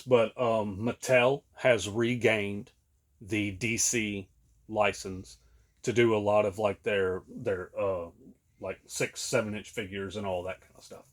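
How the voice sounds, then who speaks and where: A man, co-hosting a podcast in casual chat, rambling with many fillers and laughing often. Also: lowish voice. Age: late 30s. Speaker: podcast co-host.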